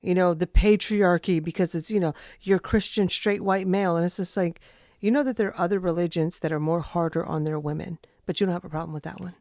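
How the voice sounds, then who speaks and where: A young adult woman hosting a podcast, chatting casually and making her points emphatically, quickening as she argues. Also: on the low side, steady tone, a little mellow, dry recording, studio quality. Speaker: podcast host. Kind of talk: casual chat.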